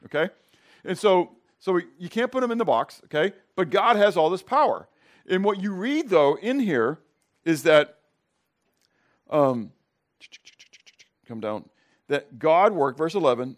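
Animated man teaching a Bible class. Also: high-pitched, a little slow, long pauses. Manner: animated, tags "okay?" and "right?" to check the class; asks the class questions and acts out scenes.

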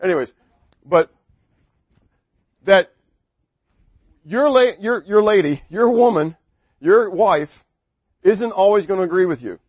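A middle-aged male pastor giving a sermon with a slightly high voice, joking and chatty, firing rhetorical questions at his listeners. The sound is dry and a little dull. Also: lively intonation, takes it slowly, pauses often, slightly rough, no room sound.

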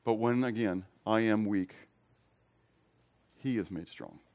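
In a slow, conversational expository sermon, a pastor addresses his congregation with direct questions. His voice moves from loud emphasis down to quiet, low remarks.

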